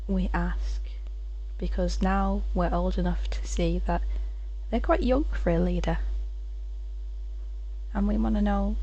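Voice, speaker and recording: A woman's voice: mid-range voice, mellow, rough recording. A woman narrating her own game playthrough, musing and chatting casually as she goes.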